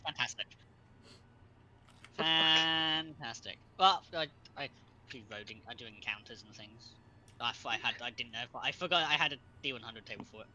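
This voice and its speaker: A man's voice: mid-range voice, fast talker, highs cut off, background noise. A man running a tabletop game, rambling and second-guessing himself aloud. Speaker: game master.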